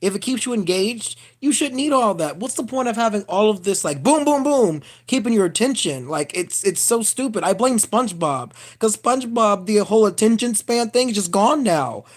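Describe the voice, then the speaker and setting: Animated, profane male vlogger. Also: high-pitched, moderate pace, hardly any pauses. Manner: addresses viewers as y'all. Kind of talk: casual live-stream rant.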